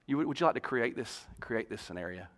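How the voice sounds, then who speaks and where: With a medium-pitched voice and a slightly fast pace, this man preaches as pastor on a church stage. His storytelling is animated, and he jokes with the congregation along the way.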